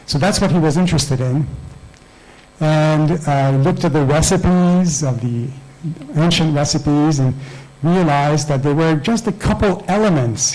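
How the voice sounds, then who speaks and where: A man's voice: on the high side, darkish tone, low-quality recording. A man in his sixties giving a public science lecture, explaining step by step and telling stories with small restarts. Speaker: guest lecturer.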